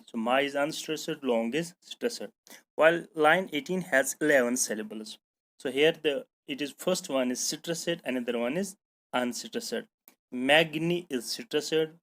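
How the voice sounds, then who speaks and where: A man with a South Asian English accent teaches a poem as a lesson, his voice sitting a little above the usual male range. He explains step by step and stops to read lines aloud and mark the stresses. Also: on the high side. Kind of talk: poetry lecture.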